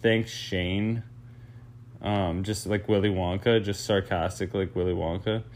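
A man's voice: low voice, fairly even intonation, moderate pace, a little mellow. A young man hosting his own podcast, rambling casually, interrupting himself and swearing freely. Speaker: podcast host. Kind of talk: rambling solo podcast monologue.

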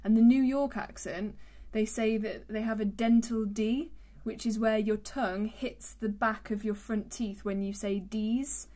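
A woman's voice: fairly high pitch, fairly even intonation, measured pace, warm tone. Chatty woman from the Midlands. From the Midlands, England. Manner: chatty, easily amused. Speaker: co-host, actor. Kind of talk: casual chat.

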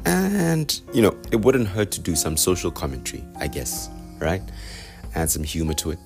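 Low-voiced young South African man rambling. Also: animated, normal speed, creaky, a little mellow, soft background music. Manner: loose, self-mocking, digressive, with many fillers. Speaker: podcast host. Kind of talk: rambling solo podcast chat. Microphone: podcast microphone.

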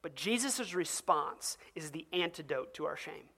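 A pastor preaching with animated, conversational energy. The voice sits at a middle pitch and keeps turning to the listeners with direct questions. Quoted voices are acted out along the way. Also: moderate pace. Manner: asks the audience direct questions. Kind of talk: sermon.

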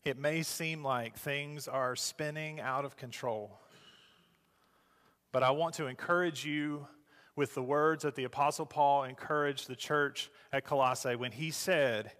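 A man preaching a sermon as a pastor, moving between loud urging and soft, slow phrases. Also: medium pitch, steady tone, big-room sound.

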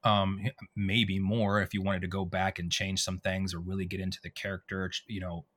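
A man, a voice actor, telling animated stories in a casual interview and acting out quoted dialogue. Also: deep voice, a little fast. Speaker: voice actor guest.

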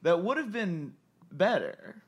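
Man, higher voice, dry sarcastic co-host, casual banter. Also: big pitch swings, slow pace, breathy edge. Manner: sarcastic, mock-earnest. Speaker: podcast co-host. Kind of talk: casual comedy chat.

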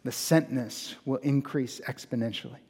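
A man preaching a sermon in earnest. He builds to emphatic peaks and slows down on key phrases. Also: medium pitch, a little mellow, breathy edge, long reverb tail. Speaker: pastor.

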